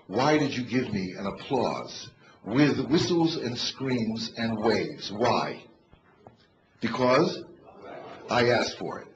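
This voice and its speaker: Older man giving a lively stage talk. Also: mid-range voice. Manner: animated storyteller, bursts into shouts to rouse the crowd. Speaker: motivational comedian. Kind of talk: stand-up motivational talk. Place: stage in a large hall with a live audience. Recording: echoey, dull live hall recording with noise.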